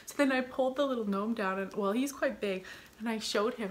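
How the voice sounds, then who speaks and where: A woman's voice: fairly high pitch, fairly quick, slight background noise. A middle-aged woman chatting to viewers as she shows off a store haul, rambling and gushing over cute finds. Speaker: vlogger showing a store haul. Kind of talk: casual chat to viewers.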